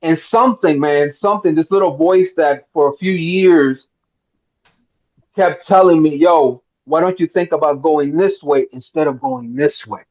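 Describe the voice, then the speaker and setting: Man, middle-aged, from Miami, high-pitched, animated storyteller, acts out quotes, slightly muffled recording. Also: a little slow. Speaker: actor guest. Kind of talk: storytelling in a roundtable interview.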